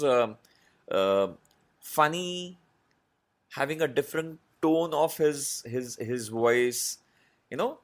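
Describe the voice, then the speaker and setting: A man explains his craft in an interview, unhurried and thoughtful, stopping often to find his words. His voice sits at an ordinary middle pitch. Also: lively intonation. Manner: measured, explanatory, many pauses and fillers. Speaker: voice artist guest. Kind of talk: interview answers.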